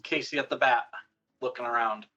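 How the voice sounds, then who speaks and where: A man playing a tabletop game, describing his moves in a brisk, playful way. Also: mid-range voice, sharp tone. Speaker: player. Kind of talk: casual tabletop play. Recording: dull, lo-fi sound.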